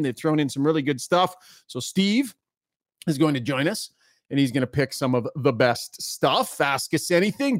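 A man hosting a sports podcast, upbeat and quick to laugh, moving briskly between segments and reading ads. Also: a little high, dry recording, studio quality. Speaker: podcast host. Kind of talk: casual sports talk and ad reads.

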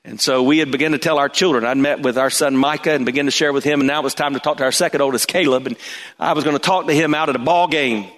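A middle-aged man preaching a sermon as pastor, telling a personal story with animated emphasis. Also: medium pitch, quick pace. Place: church sanctuary. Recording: long reverb of a church hall.

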